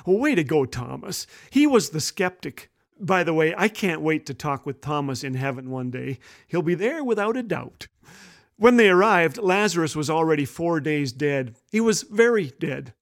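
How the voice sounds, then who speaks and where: A man's voice: on the high side, sing-song, moderate pace, gravelly. A man hosting a humorous devotional radio talk, telling funny stories before an earnest point. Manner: jokey, warm storyteller turning earnest. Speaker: host.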